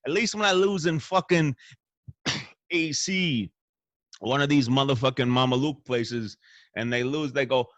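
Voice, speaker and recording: A man's voice: medium pitch, a little slow, pauses often, fairly bright tone, no room sound. Crude rambling man, hotel room. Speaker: stand-in host. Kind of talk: profane comic monologue.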